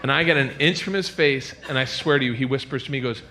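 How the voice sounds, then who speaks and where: A man doing a stand-up routine on stage, animated, breaking into squeals and shouts for effect. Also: medium pitch, fast talker, heavy background noise. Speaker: stand-up comedian.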